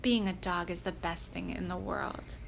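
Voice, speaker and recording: A woman narrating a children's book aloud in a lively, expressive storytelling manner. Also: lowish voice, moderate pace, creaky, slight background noise. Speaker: audiobook reader.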